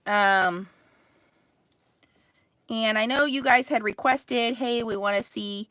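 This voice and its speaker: Bright chatty lady doing a craft stream, says hi to folks, laughs a lot. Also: a little high, dry recording. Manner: chatty, greets viewers by name, laughs often. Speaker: card-making livestream host. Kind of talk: casual crafting livestream chat.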